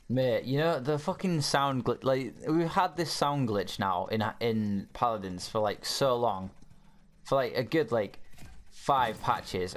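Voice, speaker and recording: Young man, gameplay commentary, frustrated, swearing, ranting, mid-range pitch. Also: slight background noise. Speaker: gamer.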